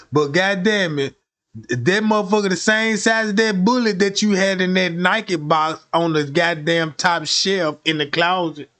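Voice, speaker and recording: A man's voice: high-pitched, fairly bright tone. A man streaming, telling a crude comic story in a profane, rambling way and often checking that listeners follow.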